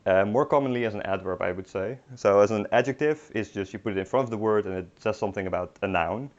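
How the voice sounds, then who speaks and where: A man's voice: fairly low pitch, quick pace. A young man teaching a beginner language lesson online, hesitant with many ums and restarts, with dry humor. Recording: dull lo-fi recording.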